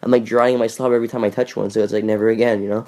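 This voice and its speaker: A man's voice: on the low side, flat delivery, racing, warm tone. A young man co-hosting a casual podcast, rambling and joking with lots of fillers, recorded in a bedroom. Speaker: podcast co-host. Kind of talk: casual chat.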